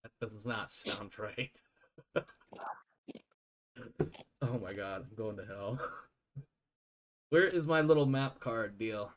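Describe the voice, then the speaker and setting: A man's voice: on the low side, slow pace, pauses often. A man narrating a tabletop game as game master, chatty and self-deprecating, laughing often.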